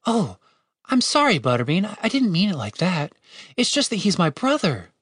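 Man doing a sarcastic young woman, blunt and brash, high and lively voice, audiobook character. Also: moderate pace, slightly rough, no echo, studio quality, full character voice. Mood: apologetic.

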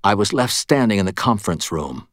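Man, audiobook narrator, first person, measured, low voice, dry studio sound. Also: big pitch swings, fairly bright tone, dry recording. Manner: measured, understated and low-key.

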